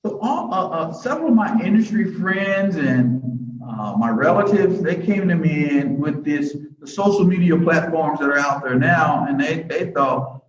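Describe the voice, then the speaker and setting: Fairly high in pitch, with lively intonation and a moderate pace, a man tells motivational stories as a guest in an interview. He restarts frequently and uses a folksy cadence like a preacher's, heard through echoey, distant, dull audio.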